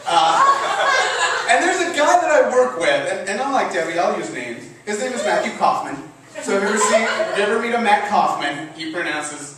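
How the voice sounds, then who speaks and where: A Mexican-accented man tells a self-mocking story on stage, his voice high for a man and swinging widely in pitch. He is picked up from a distance, with a very echoey room around him and a faint murmur of ambience. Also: a little hiss or hum. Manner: animated, self-mocking, laughs at own jokes. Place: comedy theater stage.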